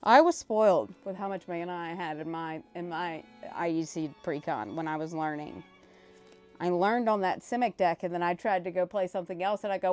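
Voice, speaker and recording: A woman hosting a casual live stream while opening cards, excitable and emotional, swearing freely. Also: fairly low pitch, fairly quick, soft background music. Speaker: livestream host.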